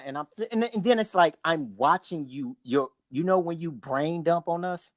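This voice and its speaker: Animated man telling a story, dry sound. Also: on the high side, moderate pace, few pauses, dry recording. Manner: animated storyteller, acts out quotes, profane. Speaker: podcast co-host. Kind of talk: casual podcast chat.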